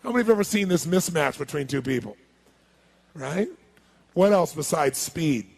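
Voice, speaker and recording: A man giving an energetic seminar talk, firing questions at a live audience. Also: fairly high pitch, normal speed, gravelly, long pauses, breathy edge. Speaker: motivational speaker.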